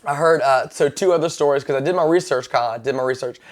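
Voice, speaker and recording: Podcast host, man, mid-pitched, friendly casual questions. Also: quick pace. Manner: friendly, prompting questions, laughing along. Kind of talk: casual interview.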